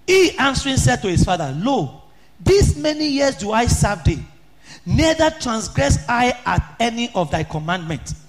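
A man preaching an impassioned sermon, often rising to shouts and sing-song chanting. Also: very high-pitched, big pitch swings, normal speed.

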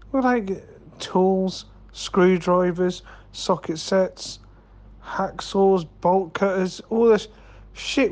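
Slow, meandering co-host who swears casually and says mate a lot. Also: male voice, high voice, a little mellow. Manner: rambling, swearing, calls people mate. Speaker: podcast co-host. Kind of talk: comedic banter.

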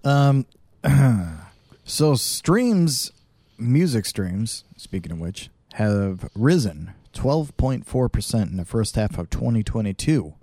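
A man's voice: medium pitch, sing-song, slow pace, dark tone, no echo. A man co-hosting a podcast in casual chat, rambling and correcting himself as he talks. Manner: rambling, self-correcting, loose. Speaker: podcast co-host.

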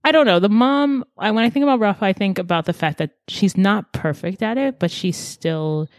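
A woman's voice: medium pitch, brisk, dry recording. A woman co-hosting a casual discussion podcast, talking in an earnest, reflective way with casual slang. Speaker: podcast co-host discussing a TV show.

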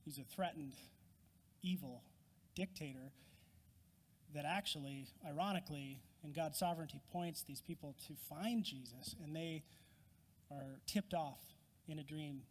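Pastor guy preaching, high voice, long hall echo, chatty and earnest. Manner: earnest and conversational, acts out voices. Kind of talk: sermon. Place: church sanctuary. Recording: long reverb of a large hall.

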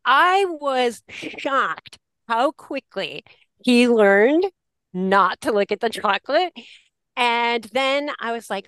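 A woman's voice: a little high, expressive, slow pace, a bit bright, clean tone, no echo. A woman teacher telling a classroom story in a podcast conversation, acting out the lines she quotes and laughing often. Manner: laughs often while talking. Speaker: special education teacher.

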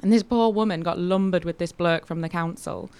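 A woman's voice: fairly low pitch, brisk, smooth. Chatty comedian woman. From Hull, England. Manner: chatty, animated anecdotes. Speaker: comedian guest. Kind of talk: casual radio chat, storytelling.

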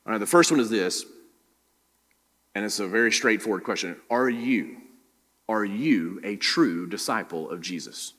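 A man with a low voice preaches to his congregation. He fires question after question at the room, and his words ring out with a long hall reverb. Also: expressive, moderate pace, fairly bright tone. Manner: preaching with many direct questions to the listeners. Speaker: pastor. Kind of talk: sermon. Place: church room.

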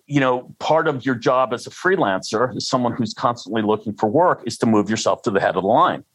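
A man's voice: mid-range voice, a little fast, fairly bright tone, dry recording, rough recording. Older man, interview guest, rambling, self-deprecating, dry close sound. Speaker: guest, freelancer. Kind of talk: conversational interview.

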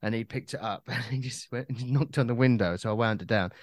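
A man's voice: medium pitch, brisk, no room sound. A man co-hosting a podcast, telling stories in a rambling, sweary way with many restarts. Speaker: podcast co-host. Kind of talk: casual chat.

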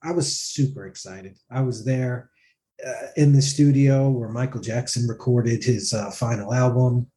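In a casual interview, a male singer tells a story with animation, acting out what others said as if quoting them. His voice is medium-pitched and a little slow.

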